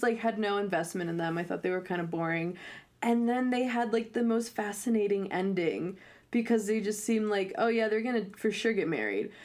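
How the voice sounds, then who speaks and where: A young woman talks casually as podcast co-host, in an everyday mid-pitched voice. She rambles a little, filling her sentences with small hesitations. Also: darkish tone. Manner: chatty, many fillers like "like" and "um". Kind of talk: casual chat.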